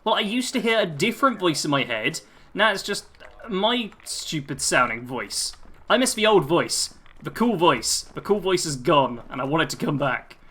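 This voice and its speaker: A young man with a British accent and a bright, forceful voice that sits a little high. He talks casually through a live gameplay stream, reads out viewer comments and pokes fun at himself. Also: very animated, normal speed, breathy edge. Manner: chatty, self-deprecating, reads viewer comments aloud. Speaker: game streamer. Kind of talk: live-stream chat while playing.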